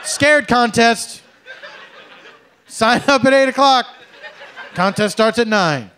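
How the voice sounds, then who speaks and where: A middle-aged man performing a stand-up comedy set on a club stage, with an animated, exaggerated, mock-polite delivery. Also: very high voice, slow pace, some chatter behind, a little hiss or hum.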